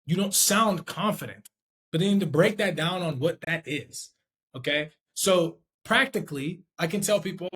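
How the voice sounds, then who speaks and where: Man, sales trainer, fairly high voice for a man, casual unscripted teaching, checks in with "okay?" and "right?". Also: lively intonation, moderate pace, fairly bright tone. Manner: thinks aloud with restarts, demonstrates tones. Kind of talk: unscripted instructional talk.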